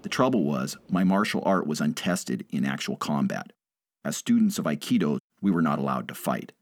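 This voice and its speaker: A man reading a first-person story aloud in a measured, dramatic way. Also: rumbling low, expressive, no echo. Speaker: narrator.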